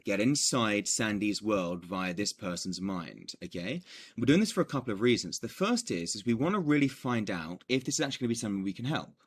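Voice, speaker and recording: A man teaching a coaching lesson in an energetic, animated way, with joking asides. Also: on the low side, brisk, husky. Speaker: business coach.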